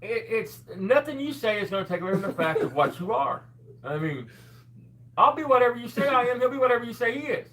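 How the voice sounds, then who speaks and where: A man co-hosting a commentary show, animated and foul-mouthed in casual banter. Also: extremely high pitch, fairly quick. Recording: distant mic.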